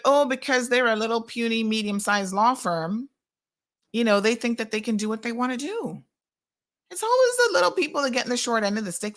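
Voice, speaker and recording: A middle-aged woman hosting a live commentary, talking in a sarcastic and animated way. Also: on the high side. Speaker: host.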